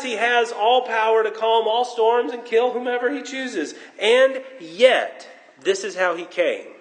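Animated preacher with a high voice. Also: male voice. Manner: animated, swinging from loud emphasis to hushed tones; jokes at his own expense. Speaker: pastor. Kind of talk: sermon. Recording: long reverb in a large hall.

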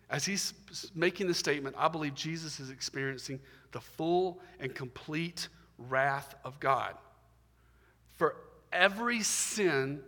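A man pastor preaching a sermon, emphatic and repetitive, swinging between loud stresses and quiet drops. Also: a little high. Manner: emphatic, repetitive preaching with rising and falling intensity. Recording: long hall reverb.

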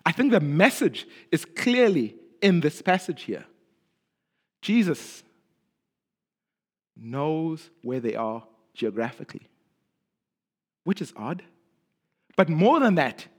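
Man, sermon, high voice, lively pitch swings, soft low phrase endings, repeats words. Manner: expressive, drops low and quiet at phrase ends, repeats words when emphatic. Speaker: preacher.

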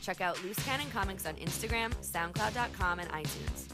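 A woman's voice: on the low side, moderate pace. A woman reading a podcast intro as announcer in a teasing manner. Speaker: show announcer. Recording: voice over loud music. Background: loud music.

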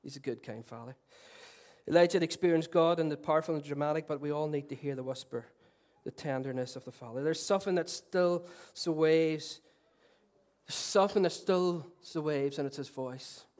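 A middle-aged man preaching a sermon, earnest and swinging between loud declarations and soft, tender passages, with self-deprecating humour. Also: fairly high pitch, a little fast. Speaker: pastor.

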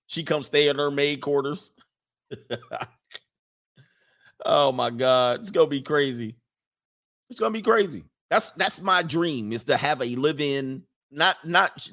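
A man with a slightly high voice and a gravelly, frayed edge riffs casually and comically while reading viewer comments. He talks in crude slang and breaks into laughter often. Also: fairly bright tone. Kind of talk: casual comedic riffing.

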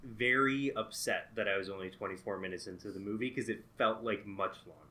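A man's voice: fairly low pitch, brisk, sharp tone. A young man co-hosting a casual movie review chat, often hesitating with "um" and grumbling dryly. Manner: hesitant, many "um"s, dry complaints. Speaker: podcast co-host.

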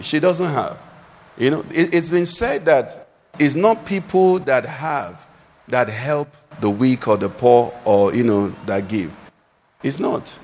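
A man preaching a sermon, animated, posing questions for the congregation to answer, recorded in a large church hall. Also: on the high side. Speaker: pastor. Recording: echoey hall with long reverb.

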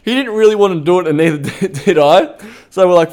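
A man's voice: sits high, expressive, fast talker, a little mellow. A young Australian man hosting a podcast, telling a story in a casual, rambling way full of swearing and "like" fillers. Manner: rambling, profane, many "like" fillers. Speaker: podcast host.

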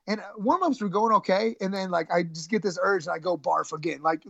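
Gravelly, halting woman wrestling coach. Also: fairly low pitch, a bit bright, no echo. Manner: halting, repeats words, emotional retelling. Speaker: high school wrestling coach. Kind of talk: storytelling in a podcast interview. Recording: dull, slightly lo-fi sound.

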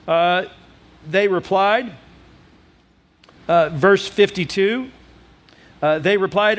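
A man preaching a sermon, conversational, acting out quotes in other voices and turning to the listeners with lively asides. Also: high voice. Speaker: pastor.

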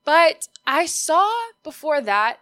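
A woman's voice: high voice, animated, slow, pushed and bright, dry recording, studio quality. A woman, whose was Spanish, hosting her own podcast in a bubbly, chatty, upbeat way. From Austin, Texas. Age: 20s. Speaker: podcast host. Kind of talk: solo podcast monologue.

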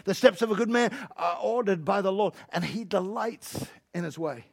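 A high-voiced male pastor with a gravelly edge, preaching to a church congregation. He pushes hard on the big lines, then drops to hushed, playful asides. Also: moderate pace. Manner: swings from loud shouting to hushed low asides, jokey and emphatic. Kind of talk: sermon.

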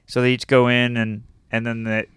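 A man's voice: mid-range voice, monotone, normal speed, fairly bright tone, clean tone, dry recording. A young adult man, a comedian, telling a story in casual chat and laughing often at himself. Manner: laughs often while telling stories, self-deprecating.

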